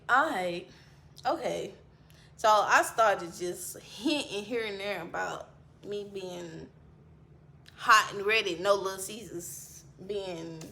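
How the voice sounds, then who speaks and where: A young woman telling a personal story in a casual vlog, animated and laughing, swinging between hushed asides and loud outbursts. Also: medium pitch, a little hiss or hum.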